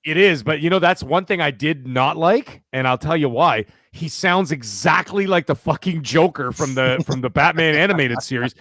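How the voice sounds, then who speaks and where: Man chatting casually, slightly high voice. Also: normal speed, hardly any pauses, dry recording. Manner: animated, profane, repeats "right?". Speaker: podcast co-host. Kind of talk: casual chat.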